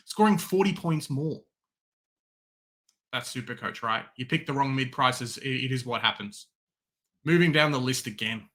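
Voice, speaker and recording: A young Australian man hosting a fantasy football show in casual chat, animated, swinging from loud excitement to resigned muttering. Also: on the high side. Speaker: fantasy football podcast host.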